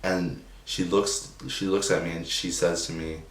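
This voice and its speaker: A young man with a low voice tells a personal story in a slow, subdued way, stopping and restarting often. He sits a little back from the mic in a roomy space, with a faint hiss behind him. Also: flat delivery, fairly bright tone. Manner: halting, full of restarts and "like" fillers; subdued and emotional. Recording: roomy echo, distant from the mic, faint noise.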